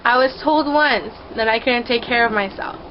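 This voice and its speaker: A woman's voice: on the high side, normal speed, muffled recording, slight background noise. A woman talking casually to her viewers from her own room, rambling, playful and openly emotional. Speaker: vlogger. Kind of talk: casual heartfelt talk to camera.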